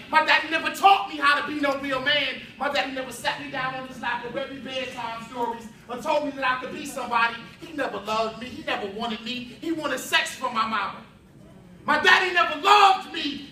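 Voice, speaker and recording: A man giving an impassioned spoken word performance at a youth summit, building rhythm through repetition and shouting at the peaks. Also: very high voice. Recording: echoey hall from far off with faint ambience.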